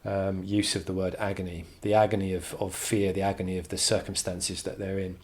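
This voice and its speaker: A man's voice: low voice, flat delivery, a little fast, a little mellow. A man teaching a poetry analysis lesson, thinking aloud with many restarts and reading quoted lines with emphasis.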